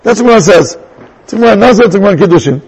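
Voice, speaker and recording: A man teaching a Torah class in an animated way, restarting sentences and mixing in Hebrew terms. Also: high-pitched, rapid-fire, slightly rough, low-quality recording. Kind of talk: lively Torah lecture.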